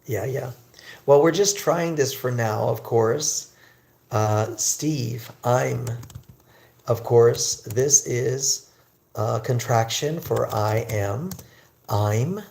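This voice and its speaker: Slow, gravelly man teaching English. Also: mid-range voice, a little mellow. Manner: slow, drawn-out pronunciation drills; chatty, greets viewers. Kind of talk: livestream English lesson.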